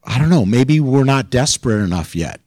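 A man's voice: mid-range voice, very animated, normal speed, darkish tone, no room sound, poor audio. Dry-sounding man preaching conversationally. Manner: informal and chatty, rising in intensity as he stresses a point. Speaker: pastor. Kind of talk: conversational sermon.

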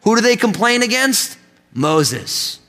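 A man preaching a sermon to his church, animated and leading the congregation in call-and-response. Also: high-pitched, moderate pace, soft background music. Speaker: pastor. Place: church sanctuary. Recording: long hall reverb.

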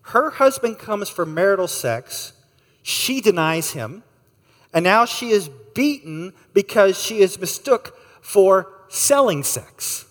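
A man gives a sermon in a hall with a long echo, his voice a little higher than most men's. He tells stories with energy, jumping into lively acted-out voices. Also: slow pace. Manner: animated storyteller, acts out voices. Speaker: pastor. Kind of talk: sermon with storytelling.

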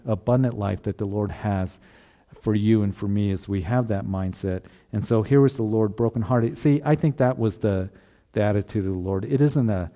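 Mellow-voiced man preaching a sermon. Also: mid-range voice. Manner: earnest, repeats rhetorical questions. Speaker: pastor.

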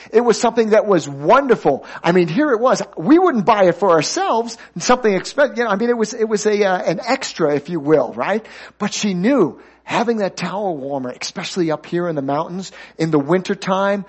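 Animated pastor preaching a lively sermon. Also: male voice, husky. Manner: animated, calls for congregation responses; drops to a soft low voice at key points. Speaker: guest pastor.

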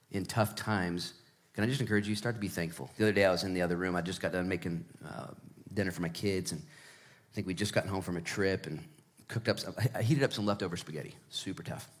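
A pastor in his thirties or forties preaches a sermon in a conversational, joking manner with a low voice, talking a little fast. He drops to hushed emphasis and then rises into loud, excited stretches.

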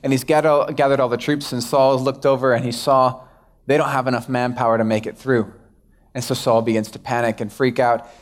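A man's voice: mid-range voice, flat delivery, a little fast. A young man, a pastor, giving a casual, self-deprecating sermon and acting out quoted exchanges. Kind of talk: conversational sermon.

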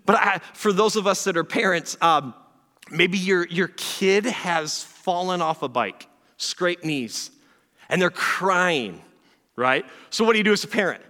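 Male pastor, sermon, high bright voice, earnest conversational delivery, long hall reverb. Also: lively intonation. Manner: earnest, conversational preaching that drops to soft, slow asides.

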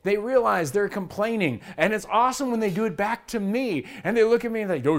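Middle-aged male pastor, slightly high voice, energetic, chatty sermon delivery. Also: quick pace, hardly any pauses. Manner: energetic, conversational, acts out his kids' whiny voices. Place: church.

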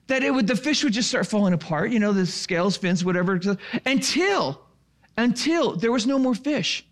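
A man casually telling a rambling story to a live audience, full of restarts and fillers. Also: very high voice. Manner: animated and chatty.

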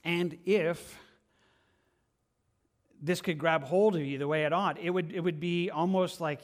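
A man's voice: a little high, fairly even intonation, unhurried, pauses often. A man preaching a verse-by-verse sermon from a church stage, earnest and impassioned, often stumbling and restarting as he reaches for words. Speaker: pastor.

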